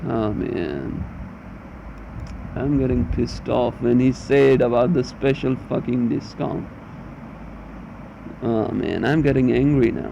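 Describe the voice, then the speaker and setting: A man's voice: mid-range voice, slow, gravelly, long pauses. A man doing let's play commentary of a text game, reading it aloud while swearing and grumbling, in a muffled recording with a faint hum. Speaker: gamer.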